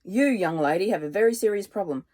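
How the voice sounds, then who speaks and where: A woman voicing a calm male doctor who speaks in a soothing, measured way. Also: mid-range voice, natural voice.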